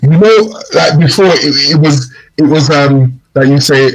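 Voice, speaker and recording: Husky-voiced animated male podcast host. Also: on the high side, moderate pace, hardly any pauses, poor audio. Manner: animated storyteller, mimics slang phrases in quotes. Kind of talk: casual chat.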